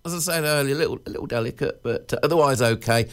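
A man hosts a local radio show from the studio, his voice sitting in a middling pitch. He chats loosely and rambles, filling gaps with 'uh' and restarting his sentences, and laughs at his own little jokes. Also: animated, a little fast, few pauses. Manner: chatty and rambling, with frequent 'uh' fillers and restarts. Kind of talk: casual radio chat.

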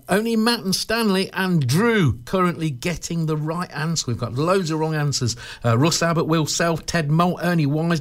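Give me an English man hosting local radio, his voice pitched high for a man. He talks in loose, jokey banter, rambling along and tripping over repeated words as he goes. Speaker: radio presenter.

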